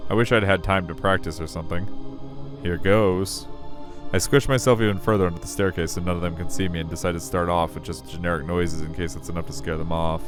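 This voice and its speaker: A man's voice: sits low, fairly even intonation, fast talker. A man reading a visual novel aloud, wry and self-deprecating as the narrator. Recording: faint music behind.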